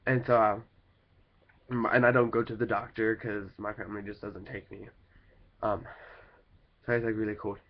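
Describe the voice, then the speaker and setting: A man's voice: on the low side, level tone, normal speed, pauses often. A young man talking about his life in a casual vlog while sick with a cold, rambling with lots of "like" and "kinda thing" fillers. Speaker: vlogger. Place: at home. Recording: dull lo-fi home recording.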